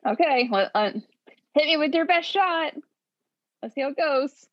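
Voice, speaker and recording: A woman's voice: sits high, lively intonation, moderate pace, muffled recording. A woman co-hosting a podcast, chatting casually and playfully about books and laughing often. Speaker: podcast co-host. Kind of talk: casual book chat.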